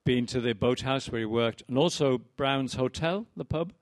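A man's voice: mid-range voice, moderate pace, no echo, studio quality. A poet giving a reading of his poems with anecdotes, chatty and wry, full of ums and uhs.

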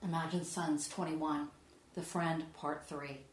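Slow, hushed woman reading poems. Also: sits low, fairly even intonation, slight background noise. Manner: measured, soft, often dropping to a hush. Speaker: poet reading her own work. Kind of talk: poetry reading to an audience. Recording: echoey room.

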